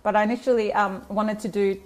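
A woman talks as a guest in a relaxed chat. She speaks earnestly and reflectively, often pausing to restart her sentences. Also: mid-range voice. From Australia. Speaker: guest, community organizer. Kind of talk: casual chat.

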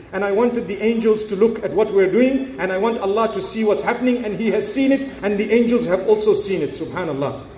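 Man preaching, pretty high voice, earnest and encouraging, lots of questions to the crowd, echoey hall. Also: a little mellow. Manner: earnest, encouraging, rhetorical questions, breaks into melodic recitation. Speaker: Islamic preacher. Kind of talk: sermon to a live audience.

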